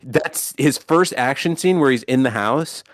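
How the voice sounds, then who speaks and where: A man co-hosting a podcast, talking casually in a rambling, profane, animated way with lots of restarts. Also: medium pitch, a little slow, no echo, studio quality. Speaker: podcast co-host.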